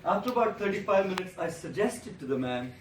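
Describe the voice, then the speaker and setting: A man's voice: high-pitched, brisk, slight background noise. A man, a monk giving a motivational speech, telling stories and repeating phrases for effect. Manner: animated storyteller with rhetorical repetition. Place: large indoor hall. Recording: echoey hall from a distant mic.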